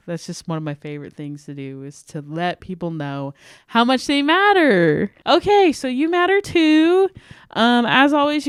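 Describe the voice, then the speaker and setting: Earnest young woman, smooth dry voice. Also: on the low side, no echo. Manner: heartfelt and earnest, laughing often. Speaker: podcast host. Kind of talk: encouraging self-worth talk.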